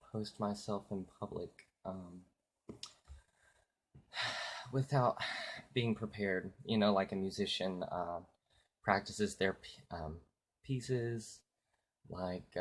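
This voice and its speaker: A man giving a political rant on a live stream, halting and full of fillers at first, then loud and heated with swearing. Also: low-pitched. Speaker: political vlogger.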